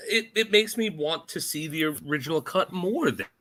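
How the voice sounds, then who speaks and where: A man's voice: a little high, expressive, moderate pace, crowd noise. A man hosting a casual podcast, leading the discussion and passing questions to his co-hosts with enthusiasm. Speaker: podcast host. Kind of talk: casual chat.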